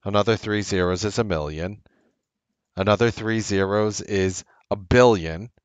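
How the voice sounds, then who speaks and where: A man with a fairly low voice hosts a stock trading show, walking through market news step by step. He talks conversationally with fillers, then breaks into loud, disbelieving outbursts when something strikes him. The sound is dry and close, with no room echo. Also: a little slow. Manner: animated, incredulous outbursts, rising loud on emphasis. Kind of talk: market commentary to camera.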